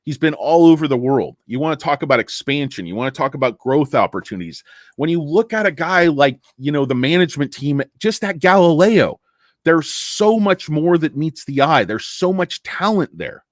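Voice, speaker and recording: A tired man rambles through a casual stock market show, joking and poking fun at himself. His pitch jumps all over the place, and the sound is dry and close to the mic. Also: expressive, moderate pace, no echo. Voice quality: rambling, joking, self-deprecating. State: tired from lack of sleep. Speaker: stock market commentator host. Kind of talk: casual livestream talk.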